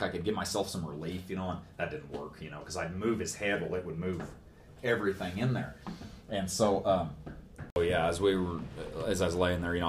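Speaking casually as a guest, a deep-voiced man spins out a long, meandering tale in plain language sprinkled with folksy expressions. His voice sits very low, and the recording has a roomy feel over a faint hiss.

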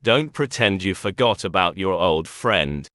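A man voicing a smooth-talking, scheming male former employer who coaxes and persuades. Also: deep voice, expressive, measured pace, a bit bright, no room sound, studio quality. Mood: persuasive. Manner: coaxing, persuasive.

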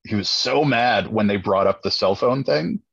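Husky animated man telling classroom stories. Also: on the low side, normal speed, dry recording. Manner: animated storyteller, acting out his own drill-sergeant lines in a raised voice. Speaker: teacher. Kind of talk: casual chat. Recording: dull, dry lo-fi recording.

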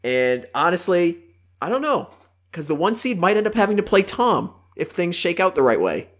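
A man's voice: high-pitched, sing-song, moderate pace, a bit bright. A man co-hosting a casual fantasy football podcast, teasing a friend in a matter-of-fact way. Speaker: fantasy league co-host.

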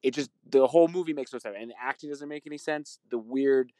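A man's voice: medium pitch, dark tone, no room sound. Man ranting indignantly in a voicemail. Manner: rambling, indignant, halting. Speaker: voicemail caller.

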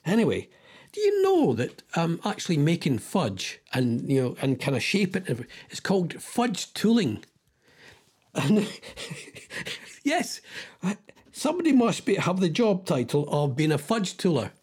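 A man's voice: fairly high pitch, huge pitch swings, measured pace, a little mellow, husky. A middle-aged Scottish man hosting a radio show, chatting casually and rambling as he thinks aloud. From Scotland. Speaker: radio host. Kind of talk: casual chat.

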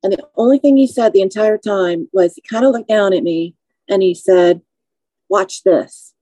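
A woman in her forties with a warm, mellow voice shares a personal testimony as a podcast guest. She speaks slowly and in measured phrases, with feeling. The sound is dry and close. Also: medium pitch, no echo, poor audio. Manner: measured, slow, emotional recounting.

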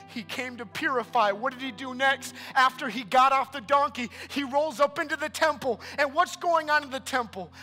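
High, bright-voiced impassioned male preacher. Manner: impassioned, swings between hushed and loud. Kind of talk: sermon. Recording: long hall reverb with music behind.

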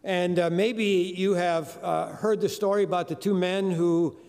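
An older man preaches in a church sanctuary in a high voice. He talks conversationally, with many "uh"s. Long reverb from the large hall trails each phrase. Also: fairly even intonation, a little slow, gravelly, darkish tone, clear, resonant tone. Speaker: guest preacher. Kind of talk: sermon.

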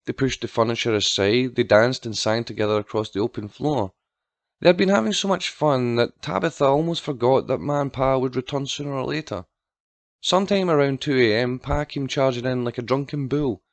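A man narrating a dark storybook with a steady, dramatic reading. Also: mid-range voice, fairly quick, dry recording. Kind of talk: scripted narration.

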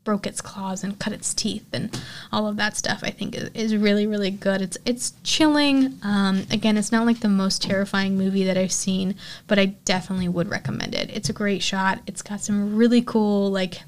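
A woman hosting her own horror podcast walks through a film's story in an easygoing, conversational way. Her voice sits at an ordinary middle pitch, and she leans on "like" and "you know" as she talks. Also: steady tone, normal speed. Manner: chatty, lots of "like" and "you know". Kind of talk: casual film recap and review.

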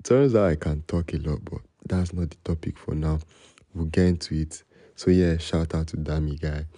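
Young nigerian guy rambling on his podcast at 3am, real low husky voice, dry close sound. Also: normal speed, dark tone, no room sound. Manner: rambling and freestyling, mixing Pidgin with English; talking low late at night. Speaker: podcast host. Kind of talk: rambling solo podcast chat.

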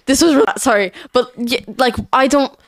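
A young woman from Portugal with a Portuguese accent, a student guest telling stories in a lively, animated way. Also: high voice, normal speed, no room sound, studio quality. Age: young adult. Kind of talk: casual podcast chat.

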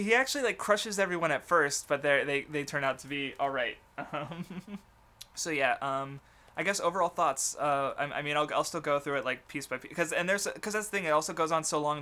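A man's voice: on the high side, pushed and bright. A young man co-hosting a casual chat, rambling with many fillers, restarts and frequent laughter. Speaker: podcast co-host.

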